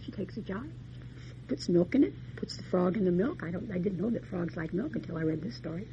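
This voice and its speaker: A woman's voice: fairly low pitch, a little fast, lo-fi sound, noisy background. A woman lecturer retelling a fairy tale in a folksy, chatty way, full of homey asides. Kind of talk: storytelling lecture.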